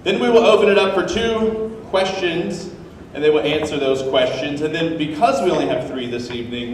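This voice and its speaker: A man emcees a live evening event in an upbeat, joking way, welcoming the crowd and running through the rules. His voice sits at an ordinary middle pitch. It comes from a handheld mic held a bit far off, so it rings through a large echoing hall with a long tail and a faint hum of room noise underneath. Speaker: event host. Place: large open ground-floor hall.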